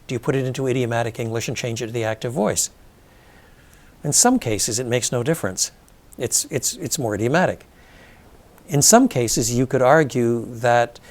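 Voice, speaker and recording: An older man answering interview questions at length, thoughtful and measured, with frequent ums and restarts as he explains. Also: mid-range voice, a little mellow. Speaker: interview guest, scholar.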